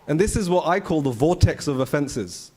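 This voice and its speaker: Male temple speaker, slightly high voice, chatty storytelling scripture class. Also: moderate pace, slightly rough. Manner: conversational, animated storytelling with rhetorical questions. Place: temple hall.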